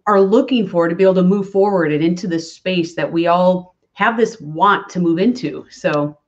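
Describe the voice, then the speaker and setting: A woman's voice: fairly low pitch, moderate pace, muffled recording. A woman from Minnesota, a guest in a casual live-stream chat, cheerful and friendly. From Minnesota, USA. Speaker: guest, food safety coach.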